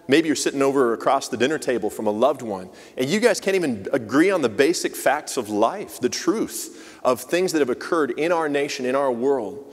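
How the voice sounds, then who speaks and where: A man's voice: mid-range voice, animated, moderate pace, breathy edge. Conversational male preacher in a reverberant church. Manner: conversational, asks the congregation questions. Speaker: church leader giving the message. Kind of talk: sermon. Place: church sanctuary.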